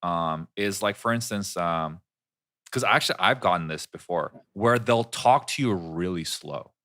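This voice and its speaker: A man's voice: low voice, measured pace. A man whose first language is Korean, chatting casually and telling funny stories, acting out other people's voices and saying "dude" a lot. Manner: animated storyteller who acts out voices and says "dude" a lot. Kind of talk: casual chat, storytelling.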